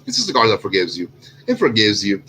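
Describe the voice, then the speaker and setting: A man's voice: lowish voice, huge pitch swings, fast talker, bright, forceful tone, slight background noise, low-quality recording. A man from Cuba hosting a casual cigar show, rambling and correcting himself with lots of fillers. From Cuban. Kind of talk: casual chat.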